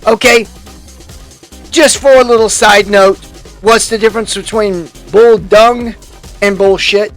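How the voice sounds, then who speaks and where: A man's voice: high voice, measured pace, faint music behind. A man hosting a YouTube commentary, delivering a heated, profane rant full of restarts and angry outbursts.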